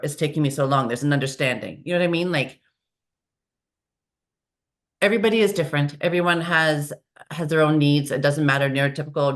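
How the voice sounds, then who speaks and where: A woman talking as a podcast guest, lively and acting out the dialogue she quotes. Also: low voice. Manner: animated, acts out quoted dialogue. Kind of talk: conversational interview. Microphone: video call.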